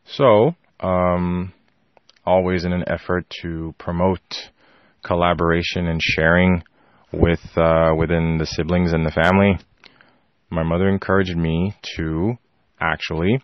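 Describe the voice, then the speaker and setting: A man telling a personal anecdote to his listeners, animated and rambling, leaning on filler phrases and acting out his family's lines. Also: sits low, measured pace, dry recording, dull audio. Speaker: storyteller. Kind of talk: personal anecdote told to an audience.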